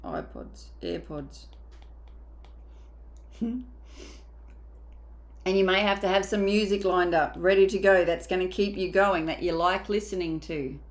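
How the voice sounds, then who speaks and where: A woman's voice: medium pitch, fairly even intonation, moderate pace, pauses often. A woman mindset coach giving a motivational coaching talk, emphatic and casual, sometimes acting out inner voices.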